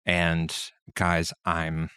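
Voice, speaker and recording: A man's voice: low-pitched, very slow, clean tone, no echo, clean studio sound. A man hosting a podcast in a casual chat, telling stories with lots of laughter. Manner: animated storyteller who laughs often. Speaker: podcast host.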